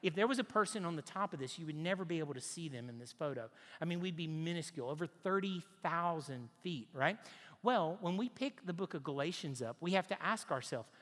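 A man's voice: fairly high pitch, expressive, brisk, a bit bright, big-room sound. A man preaching a sermon, emphatic, posing rhetorical questions to the congregation and repeating his key points.

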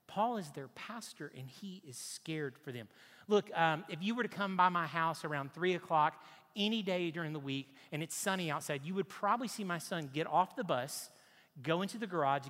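A man's voice: fairly high pitch, a bit bright, big-room sound. A man preaching a sermon, emphatic, posing rhetorical questions to the congregation and repeating his key points.

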